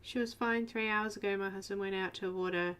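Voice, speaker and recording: An Australian woman hosting a live coloring stream, chatting softly as she works and reading viewers' comments aloud. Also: medium pitch, fairly even intonation, fairly quick, smooth. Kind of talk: casual live-stream chat while coloring.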